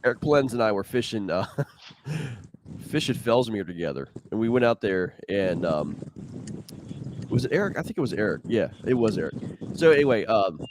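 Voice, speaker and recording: A man's voice: fairly low pitch, very animated, normal speed, background noise. A man doing casual live commentary on a tournament stream, a laid-back storyteller who keeps saying "man" and "like".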